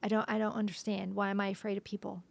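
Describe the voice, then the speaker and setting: A woman being interviewed as a podcast guest, retelling a painful personal story haltingly, with restarts and frequent drops to a soft whisper. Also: mid-range voice, little pitch movement, creaky.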